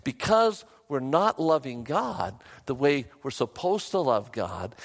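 A middle-aged man preaching a sermon as a pastor, emphatic, his voice rising high in bursts. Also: long reverb tail.

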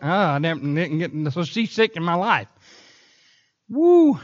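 A man preaching a sermon in a church, telling animated stories broken up by sudden whoops. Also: on the high side, slow pace, highs cut off. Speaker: pastor. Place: church sanctuary.

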